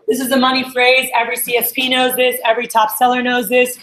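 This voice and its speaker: A woman sales trainer telling stories to a group, acting out quotes in an animated way. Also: fairly high pitch, quick pace, few pauses, slight background noise. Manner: animated storyteller, acts out quotes. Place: meeting room with a group. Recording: echoey meeting room.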